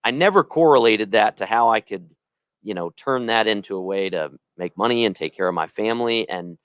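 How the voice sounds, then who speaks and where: This is a young man with a low voice, a rodeo announcer talking on a podcast. He tells his stories earnestly and often restarts his sentences. The sound is dry and close. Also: fairly quick, no room sound. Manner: earnest storytelling with many restarts. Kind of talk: casual podcast chat.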